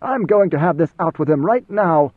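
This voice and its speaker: Man voicing a defiant angry commander, loud, mocking, raised pitch, tinny phone-like sound. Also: expressive, moderate pace, dry recording. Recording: tinny phone-like band, dry.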